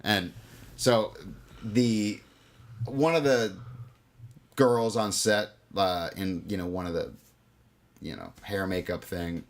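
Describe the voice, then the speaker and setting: A man's voice: deep voice, slow pace, long pauses. A man with a New York accent, co-hosting a podcast in casual, rambling, profane chat. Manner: rambling, self-mocking, swears freely. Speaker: podcast co-host.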